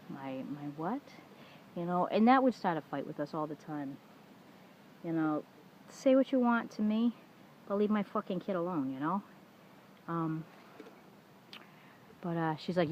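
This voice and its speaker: A middle-aged woman talking casually to the camera, venting frankly with lots of swearing and "you know"s, and acting out the arguments she quotes. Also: on the low side. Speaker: vlogger. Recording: dull lo-fi home recording with faint room noise.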